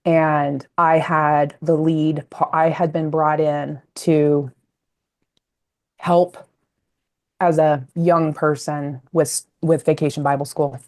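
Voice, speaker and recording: A woman's voice: deep voice, level tone, takes it slowly, a little mellow. A woman in her fifties from Colorado, a guest telling her story in a rambling, reflective and emotional way. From Colorado, USA. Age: 50s. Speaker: podcast guest, communication coach. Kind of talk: casual interview storytelling.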